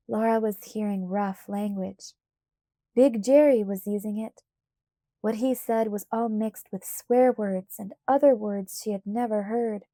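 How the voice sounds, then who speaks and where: A woman narrating a children's storybook aloud, in a measured, gentle way. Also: mid-range voice, steady tone, no room sound, studio quality. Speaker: audiobook narrator.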